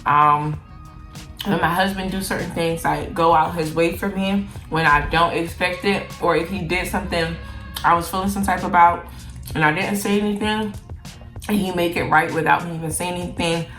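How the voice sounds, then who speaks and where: A woman's voice: fairly low pitch, a bit bright, roomy sound. A young adult woman from Jamaica, chatting candidly in a casual Q&A vlog, peppering her talk with "like". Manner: candid, chatty, heavy use of "like". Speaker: vlogger. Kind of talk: casual Q&A chat while eating.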